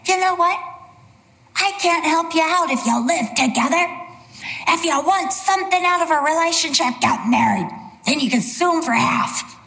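A woman's voice: very high voice, animated, normal speed, a bit bright, pitched above the performer's own voice, heavily acted, poor audio. A woman preacher doing an impression of a blunt, insulting female TV judge. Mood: scolding. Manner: insulting, scolding.

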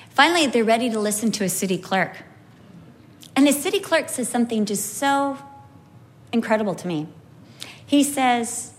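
A woman preaching a sermon in a storytelling way. Her voice sits fairly high. She stretches key words slowly and swings her pitch widely for emphasis. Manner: animated, wide pitch swings, slow emphatic phrasing.

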